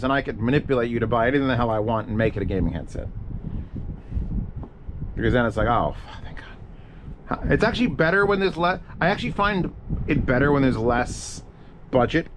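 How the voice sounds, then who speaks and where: A man's voice: medium pitch, expressive, fairly quick, background noise. Profane rambling male streamer. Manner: profane, rambling, thinking aloud. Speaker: streamer answering audio questions. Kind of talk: casual livestream chat.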